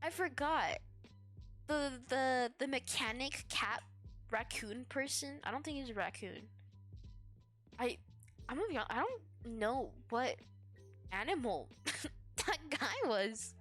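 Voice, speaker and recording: A woman's voice: sits high, lively intonation, slow pace, long pauses, fairly bright tone, faint music behind. A woman streamer chatting casually and rambling. She is tired and yawning, giggles often, and uses lots of fillers. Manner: giggly, filler-heavy, meandering. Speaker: VTuber streamer.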